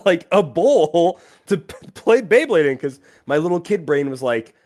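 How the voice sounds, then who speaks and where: Animated young man chatting on a podcast. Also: a little high, moderate pace. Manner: animated, laughs often, trails into mumbles. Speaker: podcast host. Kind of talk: casual podcast chat.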